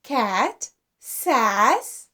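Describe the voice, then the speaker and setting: A woman teaching babies to talk, speaking gently and slowly in single drawn-out words, with exaggerated animal sounds to copy. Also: a little high, very animated, heavy background noise. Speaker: baby speech teacher. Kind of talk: slow modelled speech for babies.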